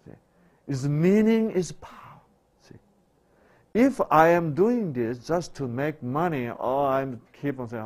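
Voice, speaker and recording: A man's voice: mid-range voice, animated, unhurried, creaky. A man giving a sermon-style health talk, asking rhetorical questions and answering them himself, with broken, repetitive phrasing. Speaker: health lecturer.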